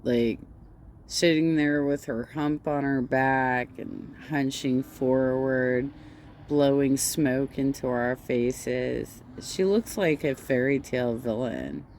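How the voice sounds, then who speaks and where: Slow, blunt mocking commentator, faint hiss. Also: mid-range voice, a little mellow. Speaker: commentary streamer. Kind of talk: casual reaction commentary.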